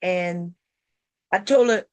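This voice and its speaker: Speaking slowly in a lowish voice with no room sound, a sewing-channel host recounts a story to camera. Her delivery is casual yet emphatic, and she fires exasperated rhetorical questions straight at her viewers.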